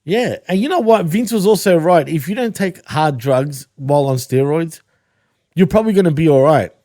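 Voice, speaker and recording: An Australian man in loose, profane podcast chat, full of bro and dude and quick laughs. His voice sits a touch high for a man yet sounds mellow and dark. The recording is close and dry, with no room sound. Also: animated, no echo. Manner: swears often, laughs a lot, says bro and dude. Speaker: podcast co-host. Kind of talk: casual chat.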